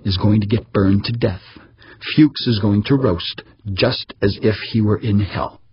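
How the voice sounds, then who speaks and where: A man voicing a frightened, cornered man who talks in a shrill, pleading rush. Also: unhurried, lo-fi sound, slight background noise, natural voice. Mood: shaky relief.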